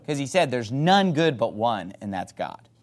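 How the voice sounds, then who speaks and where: A man preaching a sermon, reading scripture emphatically and playfully mimicking his opponents in excited voices. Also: mid-range voice, moderate pace. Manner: reads scripture aloud in a rising, emphatic voice.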